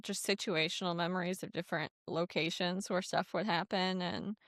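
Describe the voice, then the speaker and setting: A woman's voice: on the low side, fairly even intonation, normal speed, a bit bright, dry recording, clean studio sound. A woman co-hosting a podcast interview, chiming in with shared memories. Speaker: podcast host. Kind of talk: conversational interview.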